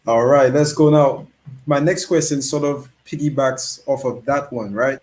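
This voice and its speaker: Relaxed man asking interview questions. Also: medium pitch, measured pace. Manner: relaxed, uses hedges like "sort of".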